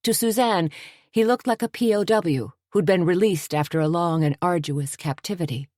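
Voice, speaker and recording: A woman narrating an audiobook in a steady, measured storytelling voice. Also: fairly low pitch, no room sound, studio quality.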